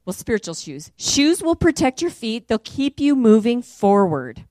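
A middle-aged woman preaching a sermon and telling a testimony, talking casually and then rising loud and high as the story peaks. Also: sing-song, a little slow, no echo, clean studio sound.

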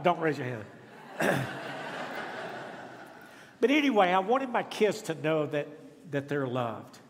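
Folksy preacher in a reverberant church. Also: male voice, medium pitch. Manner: folksy storytelling, self-deprecating humor. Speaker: guest speaker. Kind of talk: sermon. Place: church sanctuary. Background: congregation responding.

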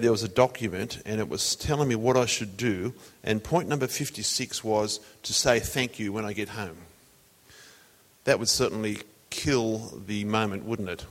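A man preaching a sermon in a conversational, storytelling way. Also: on the low side. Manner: conversational, tells jokes as illustrations. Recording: long hall reverb.

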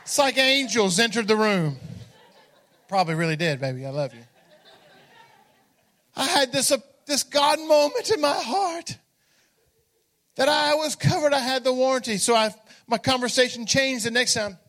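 A man's voice: very high-pitched, moderate pace, pauses often. A man preaching a sermon, telling a funny personal story with energy and calling out to the congregation. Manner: energetic, humorous, calls out to the congregation. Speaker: pastor.

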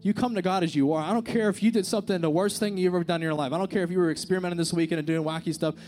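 A young man preaches into a handheld mic at a church service, his voice sitting a little high for a man. He talks casually and earnestly, leaning on fillers and slang as he tells his story, and soft music plays faintly behind him. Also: fairly even intonation, rapid-fire. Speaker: youth speaker. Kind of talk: informal sermon with a personal story. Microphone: handheld microphone.

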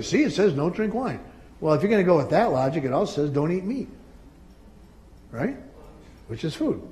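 A middle-aged male pastor preaching a sermon, swinging between loud emphatic peaks and quiet asides. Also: on the high side.

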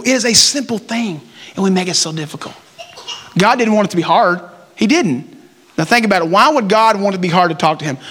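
High-voiced animated man preaching. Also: in a large hall. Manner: conversational, animated, acts out prayers in plain talk. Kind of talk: sermon.

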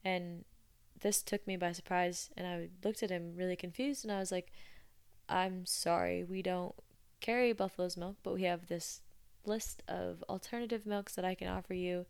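A woman's voice: on the low side, fairly even intonation, normal speed, gravelly, clean tone. A young woman hosting a podcast, chatting casually and with amusement as she retells odd customer stories. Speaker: podcast host. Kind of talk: casual storytelling monologue.

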